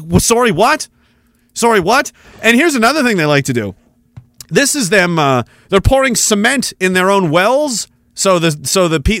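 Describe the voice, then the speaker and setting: A man's voice: sits high, a bit bright, no echo, clean studio sound. A man hosting a podcast, ranting sarcastically and with heavy profanity while commenting on news clips. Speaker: podcast host.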